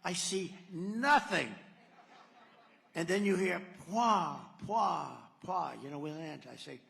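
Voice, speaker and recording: Speaking unhurriedly in a high, expressive, gravelly voice with a fairly bright tone, a candidate at a campaign rally delivers a digressive, sarcastic speech. He tells stories and acts out quotes, and the large venue gives the recording an echoey hall reverb.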